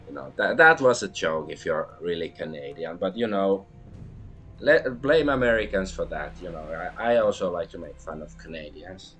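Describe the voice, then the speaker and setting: Deep-voiced man streaming a story game. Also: animated, moderate pace, fairly bright tone, husky, soft background music. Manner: chatty asides, reads text aloud, stumbles over words. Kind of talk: casual let's-play commentary and reading game text aloud.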